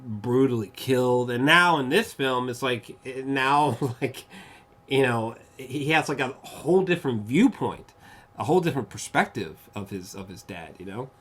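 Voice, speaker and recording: A man giving a casual spoken film review, rambling and profane, full of fillers, with bursts of excited gushing. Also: mid-range voice. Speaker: movie reviewer.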